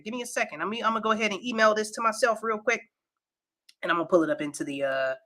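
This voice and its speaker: A woman's voice: mid-range voice, lively intonation, fast, bright, forceful tone. A woman co-hosting a casual livestream, teasing the chat, laughing often and reading news stories aloud. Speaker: livestream co-host.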